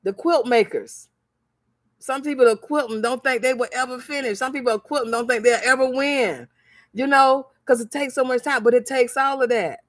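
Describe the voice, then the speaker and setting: A woman's voice: sits high, normal speed, dry recording, clean studio sound. A woman talking to her viewers in a motivational livestream, telling stories animatedly, acting out the voices of the people in them, and repeating phrases for emphasis like a preacher. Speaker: crafts seller and vlogger.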